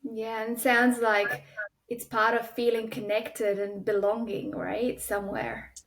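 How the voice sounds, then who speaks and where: Slow-speaking woman host, higher voice. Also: level tone, a bit bright, low-quality recording. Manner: affirming, measured questions. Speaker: interview host. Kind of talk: conversational interview.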